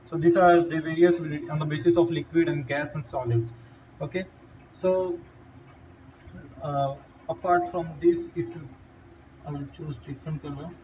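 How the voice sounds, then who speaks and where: A man with an Indian English accent giving a halting whiteboard lecture, with fillers and restarts. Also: fairly high pitch, steady tone, a little mellow. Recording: distant, dull lo-fi mic with faint noise.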